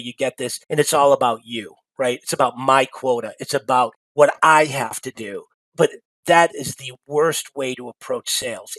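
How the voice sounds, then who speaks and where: Dry, animated male storyteller. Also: medium pitch, no echo. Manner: animated storyteller with frequent restarts. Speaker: guest, medical device sales executive. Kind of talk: casual storytelling interview.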